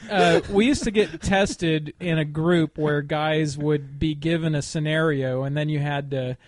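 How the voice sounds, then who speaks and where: A man who was a fighter pilot, chatting in a relaxed, matter-of-fact way as a guest. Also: on the high side, a little slow, dry recording, clean studio sound. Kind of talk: casual chat.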